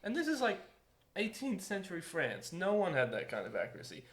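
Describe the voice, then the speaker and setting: A young man co-hosting a casual gaming chat, animated and laughing often as he acts out moments from a game. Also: high voice, brisk. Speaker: podcast co-host.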